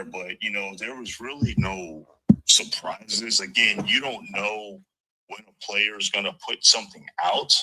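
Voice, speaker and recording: A team executive fields a press conference question in a very deep, sharply bright voice. He is measured and hesitant, pausing and restarting as he chooses his words. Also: poor audio.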